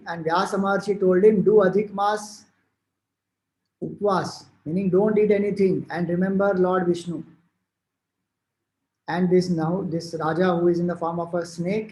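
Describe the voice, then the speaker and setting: A man with an Indian English accent, his voice high and a little mellow, delivers a devotional discourse as a spiritual teacher. He explains scripture and retells old stories loosely, with fillers and restarts. The recording has a roomy echo.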